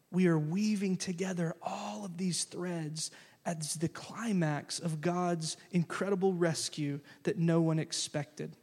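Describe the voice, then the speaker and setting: Preaching with a high-pitched voice, this male pastor keeps things lively and conversational, sliding into casual phrasing while walking through a passage of scripture. The hall around him leaves a long reverb.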